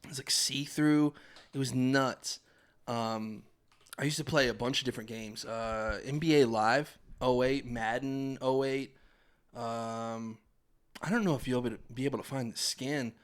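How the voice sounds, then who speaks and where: A young man tells a family story on a podcast in loose, chatty fashion. He laughs often and jumps into voices for his relatives. His voice sits at an ordinary middle pitch. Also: steady tone, a little slow, clear, resonant tone. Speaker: podcast host. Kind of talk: casual storytelling chat.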